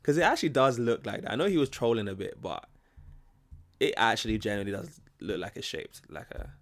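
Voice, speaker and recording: Young brit guy reacting, curious and chatty, lively up and down voice. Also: fairly low pitch, a little fast. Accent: British. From Britain. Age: young adult. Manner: curious, chatty, laughs often. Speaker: reaction video host. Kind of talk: casual reaction commentary.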